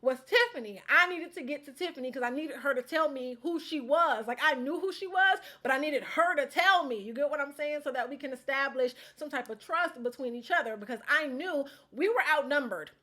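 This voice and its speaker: A young woman casually recapping her time on a reality show, animated and quick to laugh as she acts out what people said. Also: high-pitched. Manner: animated storytelling, acts out quotes, laughs often.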